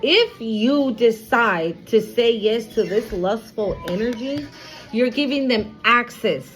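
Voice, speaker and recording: A woman with a fairly high voice talks her viewers through a tarot spread at an unhurried pace. She is blunt and emphatic, swears freely, and repeats each warning to drive it home. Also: expressive, soft background music, rough recording. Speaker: tarot reader. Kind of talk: casual tarot reading to viewers.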